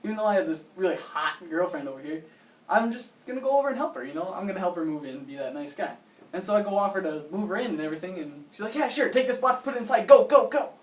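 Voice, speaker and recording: A young man telling a long joke story to a small audience, in a halting, repetitive way and laughing at his own lines. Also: sits high, animated. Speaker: amateur comedian. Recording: roomy and distant.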